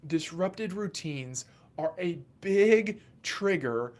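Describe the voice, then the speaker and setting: A man, a children's mental health therapist, giving casual educational talk to camera in an animated, joking way with sudden loud asides. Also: high voice, takes it slowly.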